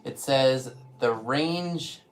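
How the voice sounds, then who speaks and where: A man's voice: medium pitch, very slow, faint music behind. A man selling antiques on a live stream, talking casually and easygoing while showing items. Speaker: antiques seller.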